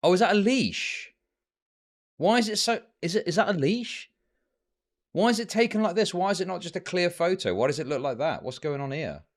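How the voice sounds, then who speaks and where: Animated, heated male streamer ranting. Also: high-pitched, brisk. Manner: heated, profane ranting at chat. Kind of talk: livestream commentary.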